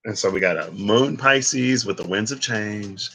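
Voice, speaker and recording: His voice is lowish and a little slow, with vocal fry and a pushed, bright quality, captured on a rough recording. As a tarot reader he muses aloud in a casual, meandering way, laughing and exclaiming between his points and slipping in asides.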